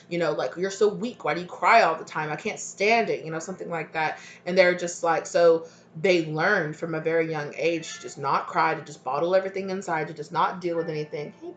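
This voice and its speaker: A woman's voice: fairly low pitch, slight background noise. Emotional woman giving a tarot reading. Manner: emotional, conversational, lots of "you know" and "right". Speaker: tarot reader. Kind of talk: channelled tarot reading to camera. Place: home room.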